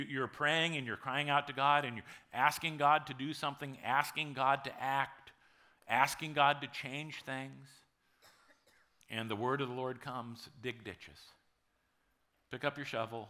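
A man in his forties, a pastor preaching a sermon in a conversational storytelling way, with dramatic pauses. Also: mid-range voice, bright, forceful tone.

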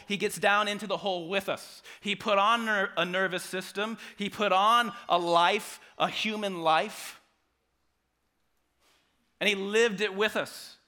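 Male pastor preaching a sermon; bright, slightly high voice, shifts between hushed and loud. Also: steady tone, measured pace. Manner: dynamic preaching, drops to soft quiet passages and rises to loud acted quotes.

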